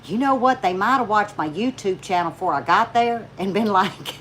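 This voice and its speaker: A woman's voice: mid-range voice, expressive, normal speed, fairly bright tone, a little hiss or hum. A woman telling folksy stories to her viewers in a chatty way, laughing often and acting out the people she talks about. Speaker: YouTube vlogger. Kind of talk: casual storytelling chat to viewers.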